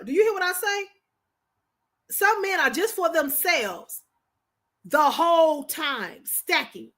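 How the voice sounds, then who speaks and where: A woman's voice: extremely high pitch, expressive, slow pace, pauses often, a bit bright. A woman hosting a livestream, talking casually and emphatically, often repeating herself for effect. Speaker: livestream host.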